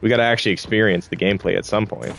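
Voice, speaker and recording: A man's voice: fairly low pitch, fairly even intonation, racing, vocal fry, noisy background. A man giving casual gameplay commentary in an exasperated, profane and rambling way. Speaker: gaming video creator.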